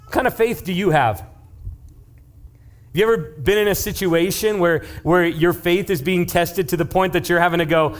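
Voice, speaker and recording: A man's voice: sits high, moderate pace. A young man giving a casual youth sermon as youth pastor. He jokes and keeps checking in with his listeners as he tells stories. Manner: joking, conversational, checks in with the audience; lively storyteller.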